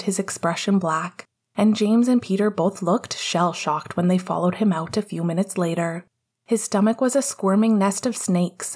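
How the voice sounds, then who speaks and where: Woman narrator for fan fiction audiobook, breathy, lowish, soft and even.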